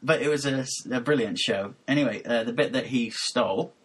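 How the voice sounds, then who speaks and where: A man's voice: mid-range voice, brisk, fairly bright tone, breathy edge. A man hosting a casual podcast chat, rambling and hesitant, often breaking into laughter. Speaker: podcast host.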